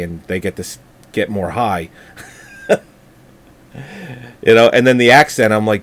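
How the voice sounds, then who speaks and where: On a laid-back movie review podcast, a male co-host tells long, rambling stories, swearing and laughing along the way. His voice is lowish, his speed normal, and he pauses often.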